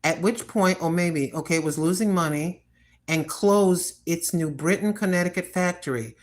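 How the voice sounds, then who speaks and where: A woman's voice: lowish voice, normal speed, low-quality recording. An older American woman chatting casually and rambling to her viewers at home. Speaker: vlogger. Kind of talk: casual chat.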